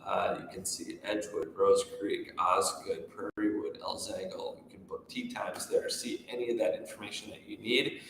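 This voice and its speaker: A man's voice: on the low side, moderate pace, vocal fry, a bit bright, a little hiss or hum. A man co-hosting a casual golf talk show, chatting in a rambling way with many restarts. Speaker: golf pro co-host. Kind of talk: casual chat. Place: room at a golf course. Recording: echoey room, mic far off.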